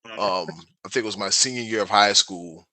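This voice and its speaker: A man with a South Carolina accent chatting easily as a podcast co-host. His voice sits fairly low but comes across bright and forceful. He tells stories in a relaxed, joking way, recorded dry and close. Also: normal speed, no room sound. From South Carolina, USA. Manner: animated storyteller, laid-back and joking. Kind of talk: casual chat.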